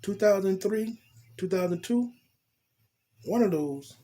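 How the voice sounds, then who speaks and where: A man telling a storytime tale in profane street slang, animated and blunt. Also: high-pitched, slow. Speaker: storytelling vlogger. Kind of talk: casual storytime monologue.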